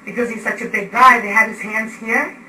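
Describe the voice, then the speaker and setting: Briskly and in a fairly high pitch, a woman describes an arrest she saw, clearly agitated. She gestures animatedly to act out what happened while indoors at home. Background noise and room echo come through a distant microphone.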